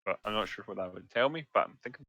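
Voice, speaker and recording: A man's voice: fairly low pitch, animated, racing, background noise. A man playing a tabletop game, agreeable and a little unsure. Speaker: player. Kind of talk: casual tabletop game chat.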